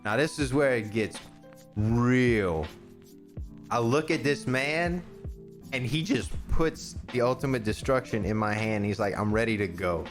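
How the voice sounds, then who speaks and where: A man's voice: mid-range voice, a little slow. A man in casual podcast chat, telling a story with lots of energy. He acts out the people he talks about and swears freely. Faint music plays behind him.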